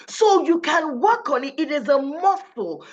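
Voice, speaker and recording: A woman's voice: sits high, expressive, measured pace. A woman giving an emphatic motivational talk on speaking, often putting questions to her audience. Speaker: speaking coach. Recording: dull, slightly lo-fi recording.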